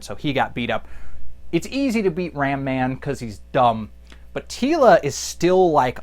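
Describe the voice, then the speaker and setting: A young man comically recapping a comic book, sarcastic and rambling, slipping into goofy voices for the characters. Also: fairly high pitch. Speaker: podcast host recapping a comic. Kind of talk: comedic recap with acted-out voices.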